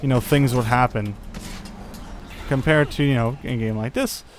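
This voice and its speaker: A man's voice: mid-range voice, normal speed, a little hiss or hum. A young man giving casual gameplay commentary, thinking aloud with lots of fillers and chuckles. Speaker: gaming channel host.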